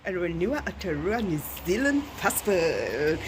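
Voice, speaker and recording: A woman's voice: on the low side, big pitch swings, moderate pace, few pauses, a little hiss or hum. A woman with a South African accent talking casually to her vlog audience at home, emphatic and repeating phrases for effect. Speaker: vlogger. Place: home kitchen.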